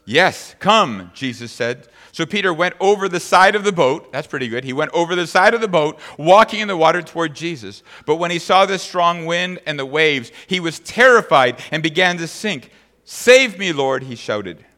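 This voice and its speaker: A man's voice: a little high, lively intonation, moderate pace, hardly any pauses, bright, forceful tone, big-room sound. A man preaching a sermon as pastor, reading scripture aloud and then speaking conversationally to the congregation.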